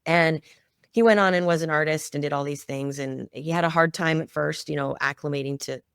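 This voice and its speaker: A middle-aged woman behind a children's music project talks fairly quickly in a low, clean-toned voice, sharing a heartfelt family story in a podcast interview. The recording is dry and studio quality.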